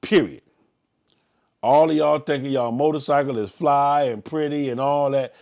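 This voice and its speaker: Blunt, fiery Southern ride leader. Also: male voice, medium pitch, fairly even intonation, moderate pace, vocal fry. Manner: blunt, preachy, swings into loud yelling. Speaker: motorcycle club ride leader. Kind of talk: casual live-stream briefing.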